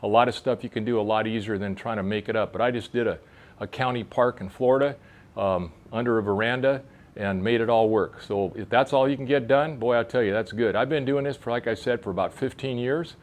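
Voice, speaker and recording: Here a man in his sixties, close to seventy, speaks fairly quickly in a mid-range voice. It's a casual instructional demo of fitness exercises for fly fishers, held outdoors on a covered park veranda, and he coaches in plain-spoken terms as he moves.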